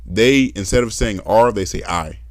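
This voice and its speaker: A young adult man hosting a podcast, chatting casually and telling animated stories with accent imitations. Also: fairly low pitch, normal speed, no echo, studio quality. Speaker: podcast host. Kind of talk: casual conversation.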